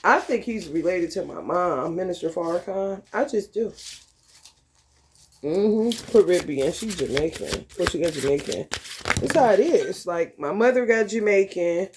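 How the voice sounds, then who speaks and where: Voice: mid-range voice, expressive, unhurried, noisy background. A vlogger talking in a loose, profane monologue, laughing often and calling listeners honey and baby. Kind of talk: casual monologue.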